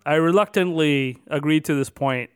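A man's voice: on the high side, normal speed, clean tone, no room sound, soft background music. A man co-hosting a casual podcast, announcing numbered categories with extra emphasis and then chatting loosely. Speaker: podcast co-host.

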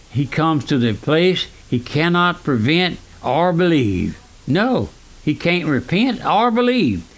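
A man, preaching a fervent radio sermon that swings between raised and hushed lines. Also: high-pitched. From South Louisiana. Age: 90s.

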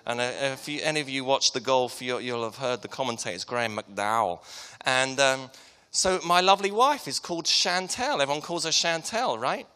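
A man's voice: mid-range voice, expressive, a little fast, pushed and bright. A man in his thirties from Hertfordshire with an English accent, preaching a sermon in a casual, joking way. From Hertfordshire, England. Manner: chatty, joking, self-deprecating. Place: church hall. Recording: long hall reverb.

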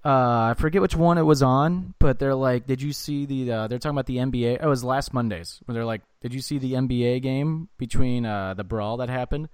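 A man's voice: mid-range voice, a little fast, hardly any pauses, darkish tone, clean tone, dry recording, studio quality. A young man co-hosting a podcast in casual, profane chat, full of "like" fillers. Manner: loose, profane, lots of "like" fillers. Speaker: podcast co-host.

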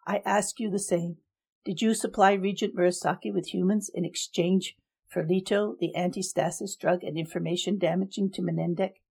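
A woman voicing a cold young male emperor who speaks in measured, formal decrees in a storybook reading. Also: on the low side, steady tone, darkish tone, slightly rough.

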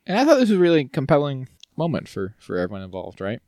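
A man's voice: medium pitch, wildly swooping pitch, fast, a little mellow, dry recording, clean studio sound. A man co-hosting a podcast, chatting casually and playfully as he recaps a TV episode, drifting into silly voices. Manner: rambling, playful, acts out lines in silly voices. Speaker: podcast co-host.

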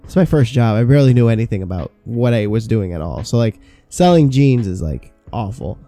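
A man's voice: medium pitch, expressive, fairly quick, warm tone, soft background music. A man in his thirties, a podcast co-host, telling stories about old jobs in casual chat, swearing freely. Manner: swearing, storytelling with quoted asides.

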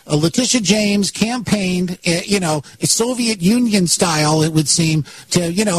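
A man's voice: sits high, a little slow, hardly any pauses, husky, rough recording. A man hosting a talk radio show, giving sarcastic political commentary and mocking his opponents with bursts of laughter.

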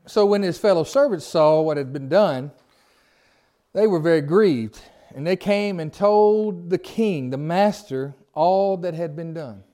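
High-voiced man leading a casual Bible study. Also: measured pace, dark tone. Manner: reads scripture aloud, then asks the group questions; informal, folksy phrasing with repeated starts. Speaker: Bible teacher. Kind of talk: conversational Bible study teaching.

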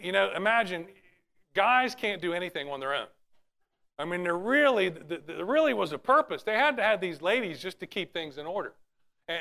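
A man's voice: high voice, bright, forceful tone, clear, resonant tone. A man preaching a sermon, reading scripture aloud in an earnest way and often restarting his phrases. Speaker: pastor.

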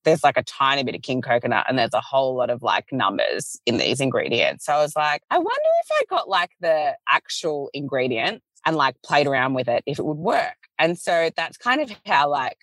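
A woman's voice: very deep voice, a little fast, hardly any pauses, dry recording. A woman in her thirties telling a story as a guest, acting out quotes with a laugh. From Australia. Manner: animated storyteller, acts out quotes, laughs often. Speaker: small business founder, podcast guest. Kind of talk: casual chat.

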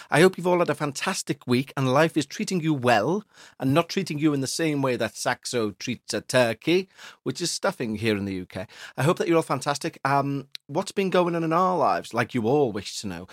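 A man's voice: medium pitch, dry recording, studio quality. A man hosting a ghost-story podcast, chatting casually with puns and jokes, then reading a news story aloud. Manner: jokey, punning, chatty. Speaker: podcast host.

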